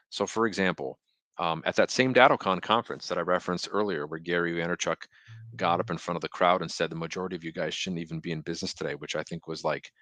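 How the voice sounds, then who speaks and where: A man's voice: sits low, no room sound. A man speaking as a marketing consultant guest on a podcast interview, talking emphatically and firing off rhetorical questions. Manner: animated storyteller who acts out quotes.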